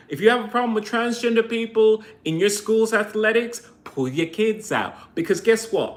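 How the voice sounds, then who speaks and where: A man's voice: high voice, a bit bright. A man vlogging a heated, profane rant to camera, full of sarcastic rhetorical questions. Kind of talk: ranting monologue to camera.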